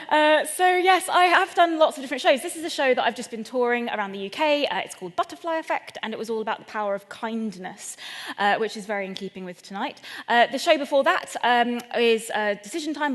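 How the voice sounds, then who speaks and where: A woman's voice: a little high, fairly bright tone, big-room sound. A woman from England doing a stand-up comedy talk, chatty, playful and self-deprecating, speaking straight to a live audience. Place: event venue in front of a live audience.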